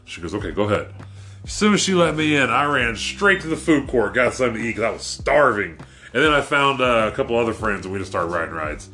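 A man's voice: mid-range voice, expressive, quick pace, pushed and bright. Rambling profane man telling a story. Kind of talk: casual storytelling chat.

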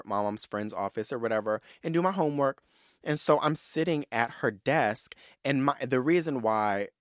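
A young adult man from San Diego hosting a podcast, telling personal stories in a casual, animated, profane and sassy way, talking straight to his listeners. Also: on the low side, no echo, studio quality. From San Diego, California. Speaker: podcast host. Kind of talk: casual solo storytelling.

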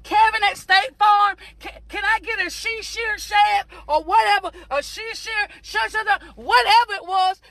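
A preacher delivering a mock sermon, shouting in a rhythmic, repetitive cadence and breaking into whooping cries. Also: extremely high pitch, vocal fry.

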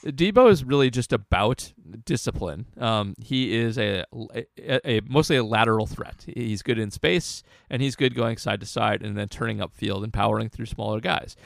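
Gravelly-voiced man breaking down football. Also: on the low side, dry recording, studio quality. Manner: analytical, halting with restarts. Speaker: podcast co-host, football analyst. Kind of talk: casual sports podcast talk.

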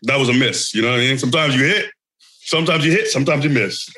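A man's voice: medium pitch, fast talker, sharp tone, slight background noise. A man co-hosting a podcast, joking and laughing through casual banter. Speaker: podcast co-host. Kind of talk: casual chat.

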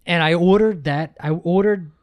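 A young man, co-hosting a podcast and telling a story in a casual, animated way, swearing and mocking himself. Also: high voice, moderate pace, dry recording. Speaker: podcast co-host. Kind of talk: casual chat.

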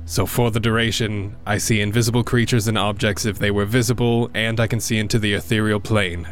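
A man with a lowish voice playing a tabletop game. He calmly states what his character does and reads out a spell's rules in a matter-of-fact way. Faint music runs underneath. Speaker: player.

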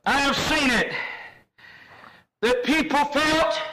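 A man preaching a fervent sermon, punctuating lines with amens and rising into shouts. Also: extremely high pitch, lively intonation, a little slow, slight background noise, low-quality recording. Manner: repetitive cadence of amens.

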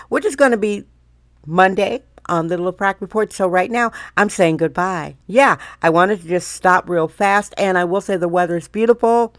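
A woman's voice: normal speed, dry recording, studio quality. Playful theatrical woman podcaster. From Wisconsin. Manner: theatrical, playful, swoops in pitch. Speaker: podcast host. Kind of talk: casual solo podcast monologue.

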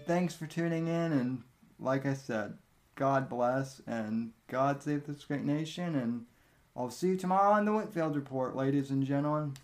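A man hosting a podcast, signing off in a slow, wry show-host manner. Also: mid-range voice, soft background music. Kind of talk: casual chat and sign-off.

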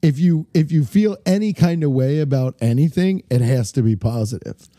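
A man, a comedian and bingo caller, telling animated stories in casual podcast chat and acting out loud voices. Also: on the high side, normal speed, dry recording, clean studio sound.

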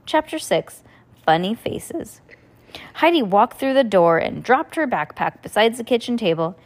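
A woman hosting a podcast, reading a children's storybook aloud with animated storytelling. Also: on the high side, a little slow. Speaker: podcast host.

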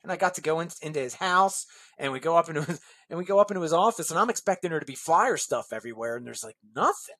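A man telling a long anecdote as an interview guest, acting out quoted dialogue with lively shifts in his voice. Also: quick pace. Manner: animated anecdotes, acts out quoted dialogue with pitch jumps. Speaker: guest, musician and designer. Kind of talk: storytelling in a podcast interview.

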